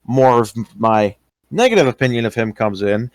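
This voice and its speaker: A man's voice: mid-range voice, animated, moderate pace, no echo. Hesitant man talking over a dry voice call. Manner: hesitant, many fillers and restarts. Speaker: interviewee recounting experiences. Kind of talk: casual voice-call talk.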